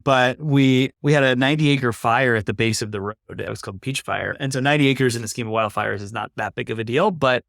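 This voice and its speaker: Podcast guest, thirties, reflective and conversational, mid-pitched, dry. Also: male voice, brisk, gravelly, hardly any pauses, fairly bright tone, no room sound. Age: 30s. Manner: earnest, reflective, uses "like" often. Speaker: podcast guest, climate investor. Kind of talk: casual conversation.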